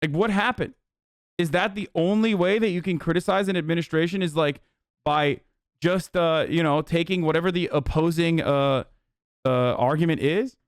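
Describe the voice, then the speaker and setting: A male streamer rants about politics in a heated, profane and rambling way. His voice sits a little high. The sound is dry and close, with no room echo. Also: normal speed. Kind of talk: livestream commentary reacting to chat.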